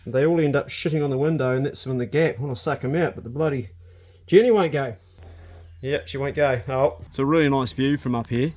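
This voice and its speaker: Handheld camera in hand, a New Zealand vlogger strolls his rural homestead, narrating casually as he does outdoor work. His manner is chatty, plain-spoken, and sprinkled with swearing; the voice is medium-pitched, fairly quick, and darkish, with no room sound.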